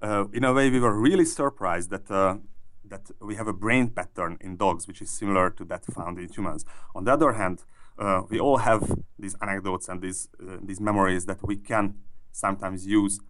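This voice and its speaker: Low-voiced man explaining his research. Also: normal speed, fairly bright tone. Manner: explanatory, thoughtful, with frequent restarts. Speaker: researcher guest. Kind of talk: interview answers explaining research.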